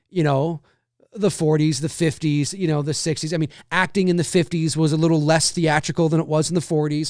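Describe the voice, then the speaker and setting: A man's voice: a little high, no echo, clean studio sound. A man in his forties hosting a live stream, chatting casually and answering viewers, with lots of fillers and restarts. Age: 40s. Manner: rambling, loose, many fillers and restarts. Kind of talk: casual chat.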